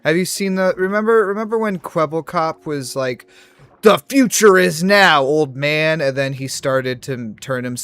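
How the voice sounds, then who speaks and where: Rambling young man streaming a game. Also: medium pitch. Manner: rambling, tangent-hopping, self-deprecating. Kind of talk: casual livestream chat while gaming.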